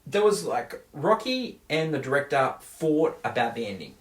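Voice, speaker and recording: This co-host of a movie review show has a fairly high, very animated voice and a moderate pace. He retells film scenes with gusto, restarting often, in a casual discussion recorded in an echoey room.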